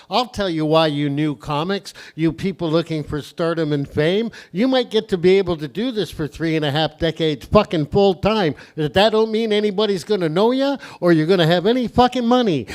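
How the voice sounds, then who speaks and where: A man's voice: high voice, darkish tone. A middle-aged man hosting a stand-up comedy open mic, rambling and swearing as he riffs on the crowd. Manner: crude, rambling, profane banter with the crowd. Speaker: comedy host. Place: comedy venue stage before a live audience.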